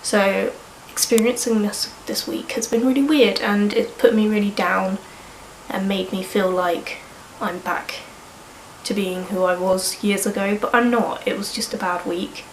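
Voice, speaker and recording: An early-20s woman with a cold vlogs candidly, meandering and cursing offhandedly. Her medium-pitched voice moves unhurriedly with fairly even intonation. Recorded roughly in an echoey room, the clip carries a little hiss or hum.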